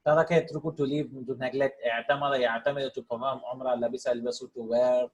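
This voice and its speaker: A man's voice: mid-range voice, flat delivery, quick pace, highs cut off. A man teaching a language lesson in a casual, thinking-aloud way, reading words out one by one and checking in with "right?" as he goes. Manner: informal, thinks aloud, tags lines with "right?" and "yeah?"; reads each word, then glosses it. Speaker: Arabic teacher. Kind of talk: casual lesson explaining vocabulary and grammar.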